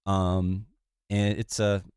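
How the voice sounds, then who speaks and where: A man hosting a music production livestream, congested and low on energy, talking in a relaxed, rambling way with many fillers. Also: slow, smooth, no room sound, studio quality. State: congested, recovering from illness. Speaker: livestream host. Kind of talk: casual livestream chat.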